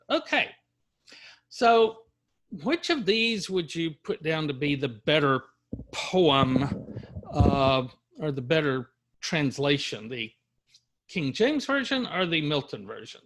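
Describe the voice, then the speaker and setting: A man's voice: on the high side, very animated, takes it slowly, a bit bright. A middle-aged man from Louisiana, a university lecturer, reading verse aloud to a class and explaining it with frequent fillers.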